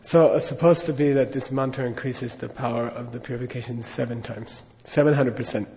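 A man's voice: mid-range voice, fairly even intonation, brisk, a little mellow, in a large hall. A man giving a Buddhist talk in a chatty, joking way, leading mantra chanting and telling stories. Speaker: Buddhist teacher. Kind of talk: dharma talk with storytelling.

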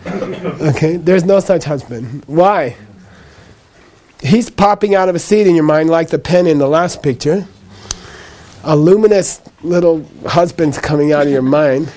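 A man lecturing a class on Buddhist ideas in a mellow, fairly high voice. He explains patiently with a light laugh now and then, says each key point more than once and checks in with "okay?" after it. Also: a little slow. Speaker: Buddhist teacher.

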